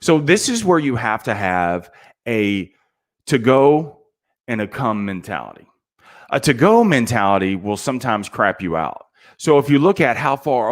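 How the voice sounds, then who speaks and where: A man's voice: mid-range voice, sing-song, normal speed. A middle-aged man giving a casual motivational talk to salespeople, preachy and peppered with "man".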